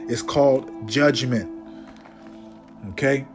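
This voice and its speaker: A man teaching scripture informally, emphatic and preachy, often tagging his sentences with "man" and "okay?", and slowing down to declaim Bible verses. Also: medium pitch, over music. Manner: reads Bible verses aloud in a slower, declaiming voice.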